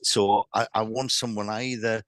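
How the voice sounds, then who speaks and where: A man's voice: fairly low pitch, fairly even intonation, fairly bright tone, dry recording. A man giving a live mediumship reading who stumbles and repeats his words often and passes on spirit messages as quoted speech. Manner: halting, repeats words, many restarts. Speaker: psychic medium.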